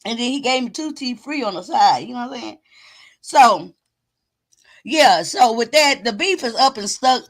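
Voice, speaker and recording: Loud, whooping high-voiced woman streamer. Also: lively intonation, moderate pace. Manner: loud, exclamatory and preachy, with whooping and cursing. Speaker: live-stream host. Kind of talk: casual live-stream talk to viewers.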